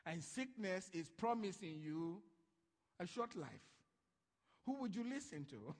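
A male pastor preaching a sermon, swinging from hushed lines to loud ones and acting out voices from Bible stories. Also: high-pitched, animated, unhurried, pauses often, in a large hall.

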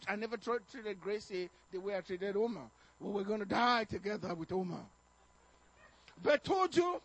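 Very high-voiced man preaching. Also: poor audio. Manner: animated storytelling, chuckling, acting out quotes with stammers. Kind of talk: sermon on parenting told as a personal story.

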